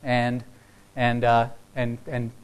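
A man giving a sermon to his congregation in a relaxed, conversational way, breaking into the voices of the people in his text. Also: medium pitch, slow pace, smooth, low-quality recording. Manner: conversational, acts out quoted dialogue. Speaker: pastor.

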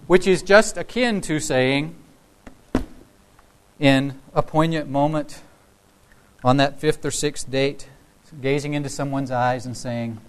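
Brief: male pastor with a slightly higher voice, chatty sermon delivery, puts on the voices in the story. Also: measured pace, clear, resonant tone, rough recording. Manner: conversational, acts out quoted dialogue.

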